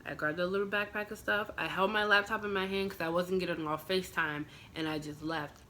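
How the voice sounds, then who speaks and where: A young woman tells a personal story straight to her vlog audience, her voice sitting on the low side. She talks in a loose, emotional ramble packed with "like" and "I'm just like," reliving the moment as she goes. There is a faint hiss of noise under her voice. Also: fairly even intonation, fairly quick, bright, forceful tone. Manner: emotional retelling, full of "like" fillers. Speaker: vlogger.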